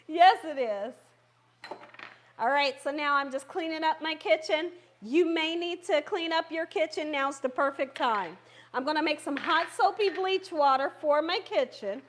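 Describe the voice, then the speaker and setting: Woman, high voice, chatty live cooking host, home kitchen. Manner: chatty, encouraging, talks to live viewers. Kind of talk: live cooking stream chat.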